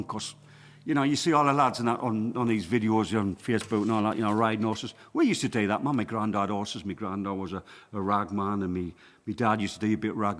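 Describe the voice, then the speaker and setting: Between songs at a small livestreamed gig, a folk singer in his sixties from Sunderland, England, jokes around in broad Mackem dialect. His voice is lowish with a long reverb tail, and an acoustic guitar plays behind him.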